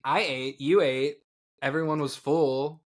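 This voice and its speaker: A man co-hosting a podcast in casual chat, campy and giggly and quick to joke. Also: fairly high pitch, steady tone. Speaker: podcast co-host.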